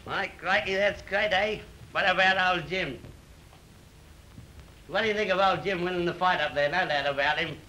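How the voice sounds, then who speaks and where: An actor playing a jolly, boastful comic king in a 1930s film comedy, chatty and excitable, with an Australian accent. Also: sits high, normal speed, poor audio. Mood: excited. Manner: chatty, excitable, bossy with cheeky asides. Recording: old film soundtrack with faint hiss.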